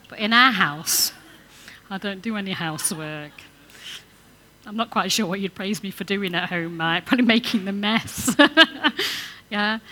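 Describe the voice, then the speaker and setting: A woman's voice: mid-range voice, sharp tone, a little hiss or hum. A woman giving an informal sermon to couples, chatty and coaxing the audience to join in. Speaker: church speaker on marriage.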